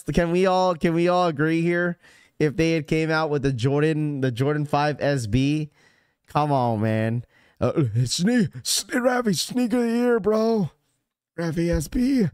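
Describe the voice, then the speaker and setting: Male streamer-host, smooth voice with dry close sound, loose, jokey and animated. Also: fairly high pitch, no room sound. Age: adult. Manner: animated, joking, ranting to chat. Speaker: sneaker podcast host. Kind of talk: casual livestream chat.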